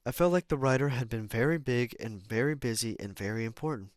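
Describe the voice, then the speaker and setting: In a clean, studio-quality recording with no room sound, a male amateur reader with a mid-range voice works through a self-help book fairly quickly. He stumbles, restarts and fixes his lines, slipping in casual asides and apologies.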